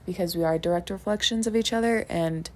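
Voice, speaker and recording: Thoughtful lower-voiced woman co-host. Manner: thoughtful, measured explaining. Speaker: podcast co-host. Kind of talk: casual reflective chat.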